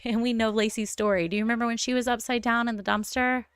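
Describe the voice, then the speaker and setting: A woman's voice: on the high side, level tone, fast talker, smooth, dry recording, clean studio sound. A young adult woman chatting casually while streaming a game, rambling and laughing often. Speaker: gaming streamer. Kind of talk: casual live stream chat.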